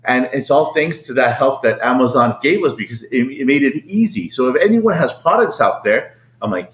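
A middle-aged man, a business owner, telling his story as a podcast guest in a lively, casual way, often repeating words and acting out what people said. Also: normal speed, few pauses. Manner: animated, repeats words, acts out quotes in a higher voice. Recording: roomy echo.

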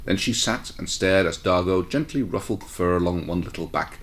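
A man reading a fan fiction story aloud in a relaxed way, with short asides to his co-reader. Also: deep voice, a little fast, gravelly. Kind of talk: casual read-aloud narration.

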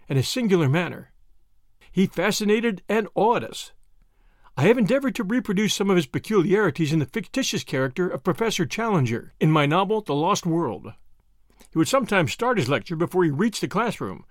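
A man narrating memoir recollections aloud in an animated, expressive storytelling manner. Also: on the high side, dry recording, studio quality.

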